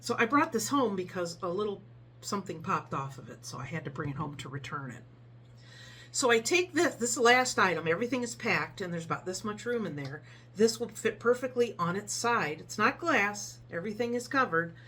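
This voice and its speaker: A woman telling a story casually in a vlog, animated and acting out the people in it. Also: medium pitch, a little fast, slight background noise. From Ohio, USA.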